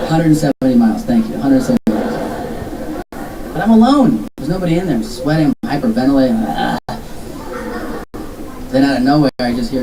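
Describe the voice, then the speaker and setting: A man performing a profane stand-up comedy set, acting out the voices of the people in his stories. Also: mid-range voice. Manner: profane, acts out other voices. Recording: roomy, distant, noisy live venue.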